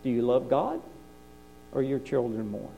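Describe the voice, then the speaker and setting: A man preaching a sermon, climbing into impassioned high peaks and then dropping low and quiet. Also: big pitch swings, normal speed, creaky. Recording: dull lo-fi recording with mains hum.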